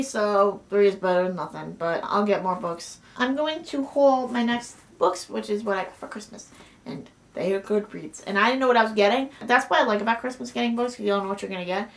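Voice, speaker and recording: A young woman chats through a book haul vlog in a slightly high voice. She gushes about every book, repeats how excited she is, and breaks into squeals and hushed whispers. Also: brisk. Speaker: book vlogger.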